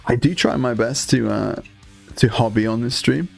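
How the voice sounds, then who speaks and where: A man hosting a relaxed live stream, rambling along to viewers as he paints miniatures and swearing casually. His voice is gravelly and sits at a mid pitch. Faint guitar music plays underneath. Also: normal speed. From Scotland.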